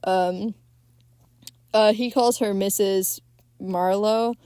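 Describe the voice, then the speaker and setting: A woman's voice: medium pitch, fairly even intonation, takes it slowly, warm tone, smooth, no room sound, clean studio sound. A young woman hosting a podcast, recapping a film in a rambling, casual way with lots of fillers and swearing. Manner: rambling, many fillers, swears freely, frequent laughs. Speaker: podcast host.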